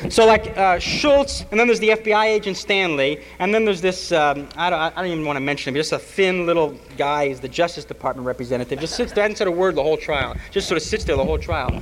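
A man who is on trial tells a university audience a mocking, animated story, full of fillers and impersonations. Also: a little high, fast, hardly any pauses, long reverb tail, background noise. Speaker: trial defendant addressing students. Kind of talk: animated public speech.

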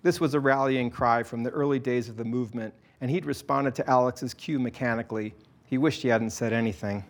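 Guy reading a story, even steady voice, middle pitch. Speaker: narrator. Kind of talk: scripted narration.

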